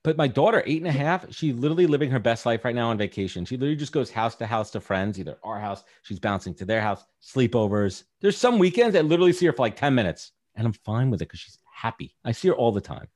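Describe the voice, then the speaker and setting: A man's voice: mid-range voice, lively intonation, fast talker, hardly any pauses, darkish tone. A man in his thirties talking candidly as a podcast guest, rambling with lots of fillers. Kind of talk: casual podcast chat.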